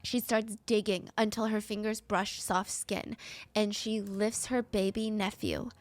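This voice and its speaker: A woman's voice: mid-range voice, level tone, unhurried, no room sound, soft background music. A woman hosting a true crime podcast, narrating a case with dramatic, suspenseful pacing and casual asides. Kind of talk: storytelling narration.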